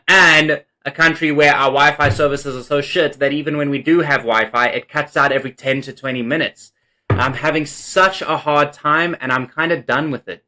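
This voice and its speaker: A man giving casual gameplay commentary, rambling and swearing freely, often venting. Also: medium pitch. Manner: swears a lot, flips from calm rambling to angry outbursts. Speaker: gameplay streamer. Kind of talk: casual let's play commentary.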